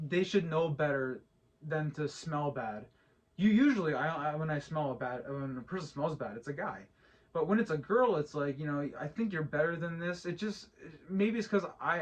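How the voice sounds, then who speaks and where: A man in his thirties co-hosting a casual podcast chat, rambling with lots of restarts and repeated words. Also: fairly high pitch. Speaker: podcast co-host.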